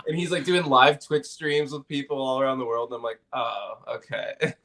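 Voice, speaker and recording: A man's voice: mid-range voice, fairly even intonation, moderate pace, fairly bright tone, slight background noise. A man in casual podcast conversation, telling stories in a laid-back, profane way with frequent laughs.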